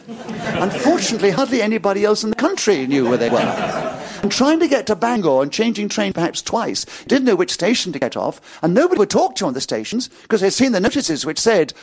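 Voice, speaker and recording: An older man with an English upper-class accent and a slight stutter, telling anecdotes in a lively, amused way. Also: high-pitched, breathy edge. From England. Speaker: interviewee. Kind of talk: anecdotal storytelling.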